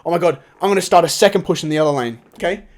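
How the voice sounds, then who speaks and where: Racing along in a fairly high voice, a young man offers opinionated gaming takes for a casual tier-list video on YouTube. He frequently gets exasperated and starts his sentences over.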